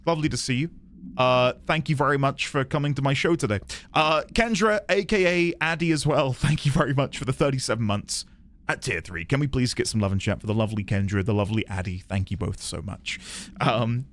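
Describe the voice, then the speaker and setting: A British man chatting as he streams a game, reading in-game documents aloud in a lively way. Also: medium pitch, a little fast. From Britain. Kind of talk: casual game-stream chat.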